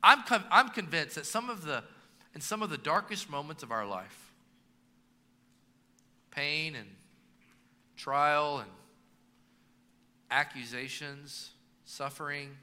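Pastor, man in his 30s, sermon delivery, bright and slightly high voice, reverberant sanctuary. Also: expressive, takes it slowly, pauses often. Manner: preaching with emphatic rising and dropping delivery. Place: church sanctuary. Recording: long reverb of a church hall.

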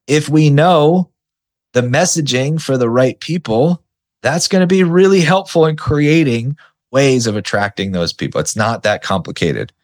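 A young adult man hosting a coaching podcast in a blunt, animated monologue, mimicking frustrated clients now and then and swearing freely. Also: mid-range voice, a little slow. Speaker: podcast host, business coach. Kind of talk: casual monologue.

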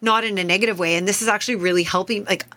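A woman's voice: mid-range voice, steady tone, rapid-fire, bright, forceful tone. A woman in her thirties co-hosting a casual podcast, talking things through as a self-described verbal processor. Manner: talkative, reflective, verbal processor. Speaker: podcast co-host. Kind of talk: casual chat.

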